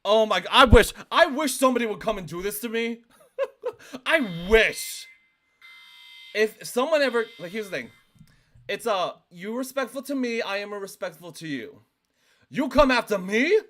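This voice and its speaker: A male streamer doing reaction commentary into a desk microphone, talking in an animated, emphatic way with lots of "like". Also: high-pitched, normal speed, pauses often.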